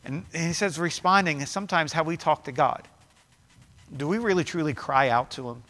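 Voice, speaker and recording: Bright-voiced man preaching in a reverberant hall. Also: on the high side, fairly quick. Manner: rising to fervent, emphatic preaching with repeated phrases. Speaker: pastor. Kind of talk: sermon.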